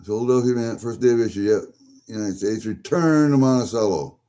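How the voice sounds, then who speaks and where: Fairly quick and dark in tone, a man with a lowish voice narrates his package openings for a vlog. The commentary is offhand, a stream of mutters and rambles directed at himself.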